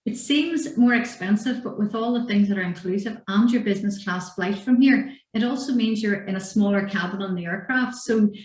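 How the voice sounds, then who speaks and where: Brisk woman hosting, in a roomy echo. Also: mid-range voice. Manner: brisk, warm thanks to guests. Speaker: event host. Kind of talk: hosting a virtual event. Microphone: video call.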